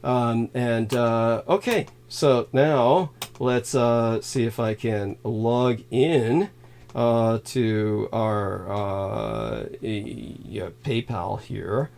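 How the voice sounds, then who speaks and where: A man hosts a loose livestream at an unhurried, dragging pace, his voice sitting at a middling pitch. He stumbles along with halting fillers, breaks into sudden laughs and drops the odd swear word. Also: creaky, a little mellow. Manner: halting, filler-heavy, reads donor thanks aloud. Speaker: livestream host. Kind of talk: rambling livestream monologue.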